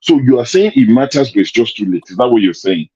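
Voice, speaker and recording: A man's voice: mid-range voice, animated, quick pace, dark tone, husky, highs cut off. A man hosting a casual political commentary show, arguing his points with rhetorical questions over a remote call. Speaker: show host.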